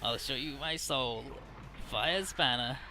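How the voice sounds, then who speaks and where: A man's voice: medium pitch, slow pace. A man giving casual gameplay commentary, retelling story scenes with acted quotes and some swearing. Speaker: let's play commentator.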